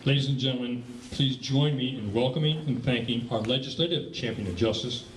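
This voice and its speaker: A man with a measured, formal delivery, presenting an award at an evening event. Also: medium pitch. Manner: measured and formal, read from notes. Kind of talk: prepared speech at an awards event. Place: banquet hall. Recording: echoey hall from far off with faint noise.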